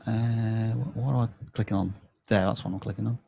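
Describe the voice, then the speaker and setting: A man hosting a live channel review, thinking aloud and giving measured advice. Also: lowish voice, steady tone, creaky, dark tone, husky, no room sound. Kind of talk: casual live-stream review.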